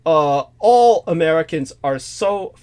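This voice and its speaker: A man's voice: a little high, takes it slowly, clean tone. Indignant talk show host man. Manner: animated, profane, indignant, with many fillers and restarts. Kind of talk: ranting talk show monologue.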